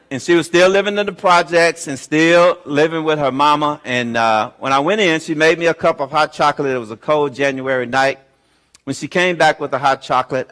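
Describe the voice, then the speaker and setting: A man in his fifties giving a chapel talk, telling a funny personal story with lively acted-out dialogue. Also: on the high side. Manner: humorous, animated storyteller who acts out dialogue. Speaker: guest chapel speaker. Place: university chapel.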